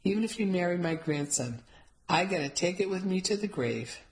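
A woman's voice: lowish voice, lively intonation, brisk, close to an everyday voice, low-quality recording. A cranky old Italian neighbor lady, as a woman reads her, talking in blunt broken English with a heavy Italian accent. She is sniffy and set in her ways, a storybook busybody. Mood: scornful. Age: older.

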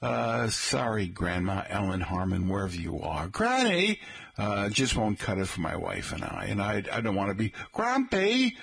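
Middle-aged guy chatting on the radio, husky voice, folksy and rambly, keeps saying folks. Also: lowish voice, big pitch swings, moderate pace, few pauses, a bit bright. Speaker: radio host. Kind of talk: casual radio talk.

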